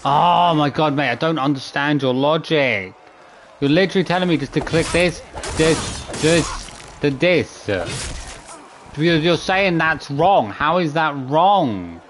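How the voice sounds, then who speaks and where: A man's voice: a little high, a little slow, slight background noise. A man streaming a video game, exasperated, swearing and counting his button presses aloud. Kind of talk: live gameplay commentary.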